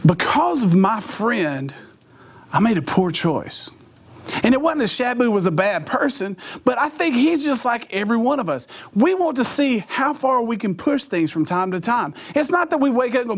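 A middle-aged man with a high-pitched voice gives an animated, comic storytelling talk. He switches into other voices and makes sound effects as he goes. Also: normal speed, slightly rough. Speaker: motivational speaker.

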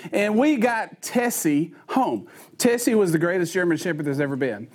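Brief: male preacher, sermon with homespun stories, high-pitched voice. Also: expressive, moderate pace, darkish tone, slight background noise. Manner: folksy storytelling, conversational.

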